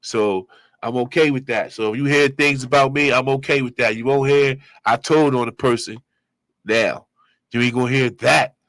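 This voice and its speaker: A man hosting his own show, giving loose, slangy street commentary and shout-outs. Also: medium pitch, steady tone, normal speed, no echo. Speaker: show host reacting to clips. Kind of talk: casual commentary.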